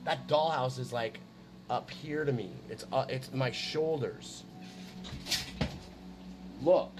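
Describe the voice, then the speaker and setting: A man's voice: medium pitch, slow pace. Guy cussing and bragging on stream, all over the place, hum behind him. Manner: profane, boastful, jumps between stories. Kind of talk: casual rambling chat. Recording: noisy room with hum.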